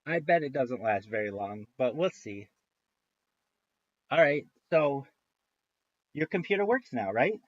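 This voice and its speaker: A man's voice: medium pitch, sing-song, a little slow, long pauses, no room sound, dull audio. A man streaming live, chatting casually in a rambling way, with frequent restarts and free swearing.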